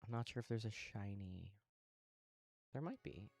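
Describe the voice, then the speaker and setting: A man live-streaming a game, chatting casually with viewers while he plays, relaxed and a little sleepy. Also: fairly low pitch, moderate pace, vocal fry. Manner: relaxed, talks to chat while playing, yawning.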